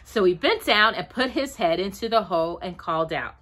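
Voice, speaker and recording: A woman reading a children's storybook aloud in a slow, expressive manner. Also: medium pitch.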